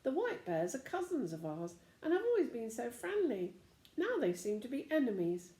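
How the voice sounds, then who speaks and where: A woman's voice: on the high side, huge pitch swings, moderate pace, dark tone, reverberant, voice pushed up. A woman doing a growly father bear. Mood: stern. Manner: growly, angry. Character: gruff, stern father bear. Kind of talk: storybook reading.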